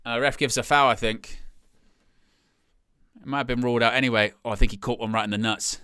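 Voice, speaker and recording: A young man hosting a live fan commentary of a match, talking casually and jumping from quiet asides to loud excited shouts. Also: medium pitch, a little fast, long pauses, clean tone, no echo, clean studio sound. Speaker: fan watch-along host.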